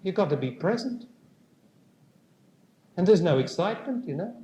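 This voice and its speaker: A man giving a spiritual talk to a live audience, speaking slowly and deliberately and putting questions to the listeners. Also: high-pitched, expressive, dark tone. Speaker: spiritual teacher. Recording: echoey room with faint noise.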